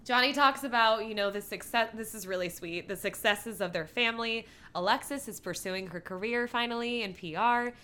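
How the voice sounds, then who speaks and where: A woman's voice: on the high side, normal speed, hardly any pauses, bright, forceful tone. A woman co-hosting a podcast, recapping an episode in casual chat and laughing often. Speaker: podcast co-host.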